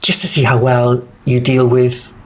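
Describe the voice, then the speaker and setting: A man's voice: medium pitch, flat delivery, unhurried, slight background noise. A middle-aged man, chatting as an interview guest and acting out quoted voices as he tells stories. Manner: chatty storyteller, acts out quotes, many restarts. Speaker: guest actor. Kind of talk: casual interview chat.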